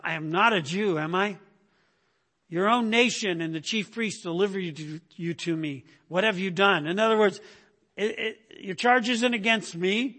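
A man's voice: high-pitched, fairly bright tone. A man preaching a sermon in a conversational way, often asking "right?" and acting out the people he quotes. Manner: acts out quoted speakers in raised voice. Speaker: pastor.

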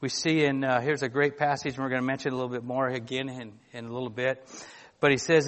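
A man preaching a sermon in a conversational, halting way, often restarting and filling gaps, reading scripture aloud. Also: mid-range voice, flat delivery, fairly bright tone.

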